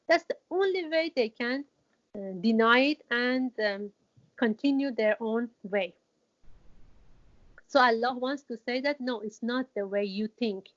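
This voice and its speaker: Woman, lesson delivery, halting and repetitive, somewhat high voice, muffled recording. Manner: hesitant, many restarts and fillers, repeats key words for emphasis. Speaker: Quran teacher. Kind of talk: explanatory lesson. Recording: dull lo-fi recording.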